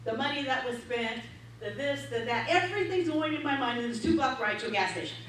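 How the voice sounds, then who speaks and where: A woman minister telling a story in her sermon, lively and laughing often as she acts out what people said. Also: high-pitched, brisk. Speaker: minister giving a talk. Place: large hall of a spiritual center. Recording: echoey hall, distant mic, faint hum.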